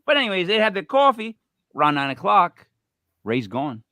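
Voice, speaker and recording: A male podcast co-host tells a long, rambling anecdote, acting out the quotes as he goes. His voice is bright and forceful and swings widely in pitch. The sound is close and dry. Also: very animated, normal speed, no room sound. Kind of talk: storytelling banter.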